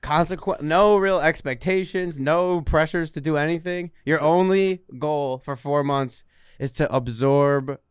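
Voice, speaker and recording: A young man with a smooth, resonant voice tells wry, self-mocking stories on a podcast. He swears casually and sounds close to the mic in a dead, dry room, his pitch sitting a little high. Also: unhurried, no echo. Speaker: podcast co-host. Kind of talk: comedic casual chat.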